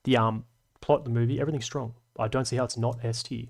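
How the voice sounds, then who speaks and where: A man's voice: medium pitch, steady tone, quick pace. Rambling man chatting on stream. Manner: rambling, self-deprecating, full of fillers. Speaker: live stream host reading chat. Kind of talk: casual live stream chat.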